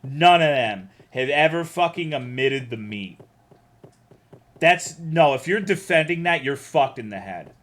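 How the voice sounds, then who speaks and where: A man's voice: a little high, expressive, a little slow, fairly bright tone. A young American man streaming a game, chatting casually and ranting with lots of swearing while reading chat aloud. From United States.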